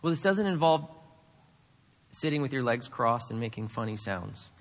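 A man's voice: medium pitch, sing-song, normal speed, long reverb tail. A man preaching a sermon, emphatic, with many rhetorical questions to the congregation. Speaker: pastor.

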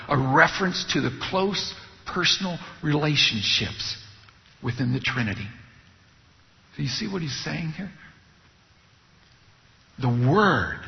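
A man preaching an expository sermon, teaching in a measured way and asking his listeners rhetorical questions. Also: medium pitch. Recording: muffled recording with long hall reverb.

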